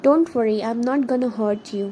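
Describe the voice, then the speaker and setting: A woman's voice: a little high, brisk, mellow, slight background noise, close to an everyday voice. A woman reading the lines of a menacing older male mafia kidnapper with a Russian accent, in a mocking, taunting manner.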